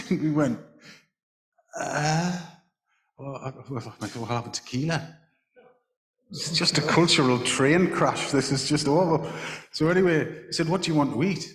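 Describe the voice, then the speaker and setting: A man's voice: fairly high pitch, a little slow, pauses often, fairly bright tone. A man as the guest at a live stage talk, telling a long anecdote with many restarts. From England. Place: large hall at a book festival. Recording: echoey hall, roomy reverb.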